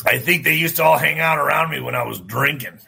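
A fairly high-pitched man with a bright, forceful edge and a husky grain. He hosts his own show and rants freely, swears often and breaks into sudden shouts. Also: a little fast, poor audio. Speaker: host. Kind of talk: opinionated talk show monologue.

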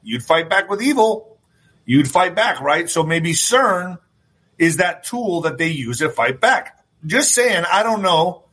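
A man hosting his own talk show, ranting loosely in a loud, swearing style with sudden shouts. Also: high voice, very animated, slow, breathy edge, rough recording. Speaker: host. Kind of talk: opinionated talk show monologue.

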